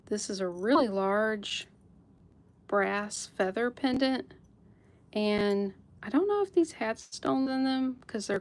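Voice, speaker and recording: A woman hosting a live jewelry sale stream, chatting casually with viewers by name and laughing often. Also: mid-range voice. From United States.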